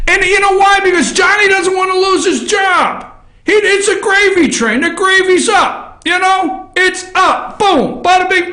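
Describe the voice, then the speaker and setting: A man hosts an opinion show, his voice unusually high and swinging wildly up and down. He rants loudly and laughs as he talks. The sound bounces around an echoey room. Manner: loud, laughing, animated ranting. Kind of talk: excitable political commentary.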